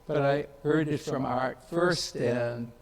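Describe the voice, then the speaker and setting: A man giving a reflective tribute speech at an academic conference, pausing on fillers and repeating words. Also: medium pitch, gravelly, low-quality recording. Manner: reflective, with frequent fillers and restarts. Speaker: conference speaker.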